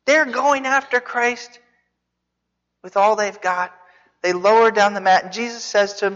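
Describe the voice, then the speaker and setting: A preacher giving a sermon, telling the story with animated asides, rhetorical questions and jokes. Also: mid-range voice, unhurried, pauses often. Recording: dull reverberant hall recording.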